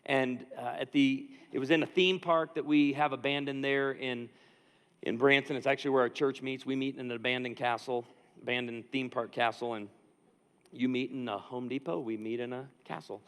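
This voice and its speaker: Bright-voiced pastor in an echoing hall. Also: male voice, mid-range voice, normal speed, smooth. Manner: animated, conversational preaching with asides to the audience. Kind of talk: storytelling sermon. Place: church auditorium. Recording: long reverb of a large hall.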